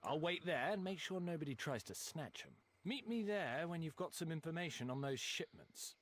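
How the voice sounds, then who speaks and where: An actor playing a male game ally who gives brisk, matter-of-fact orders. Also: a little high, lively intonation, fairly bright tone, a little hiss or hum. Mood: instructive. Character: adult male game ally guarding rescued children.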